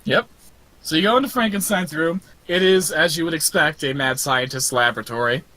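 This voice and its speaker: A man narrating as game master in a tabletop game, animated and laughing often. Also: on the high side, fairly quick, no echo.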